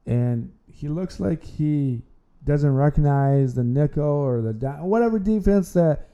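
A man hosts a casual sports podcast in a rambling way, often stumbling over and repeating his words. His voice is very dark, mellow and smooth. The recording sounds dull and lo-fi. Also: on the high side, expressive, unhurried. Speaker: podcast host.

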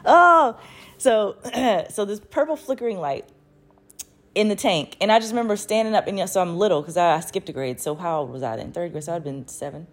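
An adult woman telling a personal story in a casual, animated way, swearing freely and laughing often as she talks. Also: mid-range voice, fairly quick. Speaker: vlogger.

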